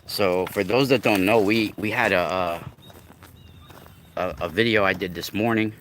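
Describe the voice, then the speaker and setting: Man, low bright voice, rambling outdoor vlog on a phone, faint outdoor ambience. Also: a little slow, a little hiss or hum. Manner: rambling, with restarts and spelled-out words. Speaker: vlogger. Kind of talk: casual outdoor video talk. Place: outdoors in the woods.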